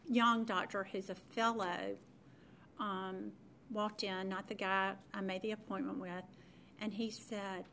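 A woman's voice: medium pitch, fairly even intonation, slow pace, a bit bright, slight background noise. A middle-aged woman, telling a personal faith story in a chatty, self-deprecating way full of fillers and restarts.

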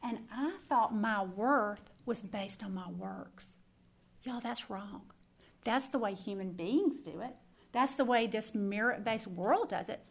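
Gravelly-voiced woman giving testimony. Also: mid-range voice, slow. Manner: earnest, emphatic, confiding, repeats words for stress. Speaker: Christian speaker. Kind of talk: personal testimony sermon.

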